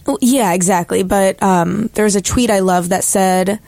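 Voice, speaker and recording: A woman's voice: medium pitch, moderate pace, a little mellow, no room sound. A woman on a music podcast panel, speaking casually and a bit hesitantly. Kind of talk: casual chat.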